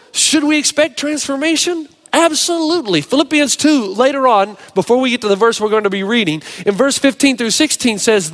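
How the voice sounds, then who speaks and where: A man pastor preaching a sermon, telling stories with an animated, varied delivery. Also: extremely high pitch.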